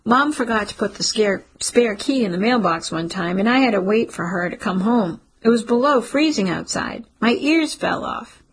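A woman reading the part of a quiet, dramatic young boy in an audiobook, with a breathy, husky voice pitched up. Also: lively intonation, moderate pace, few pauses, rough recording. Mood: complaining.

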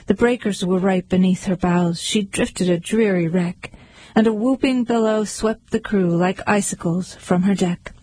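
A woman reciting poems aloud in a rhythmic, measured way. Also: medium pitch, warm tone, slightly rough, poor audio. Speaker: poetry reader. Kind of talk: recited poetry reading.

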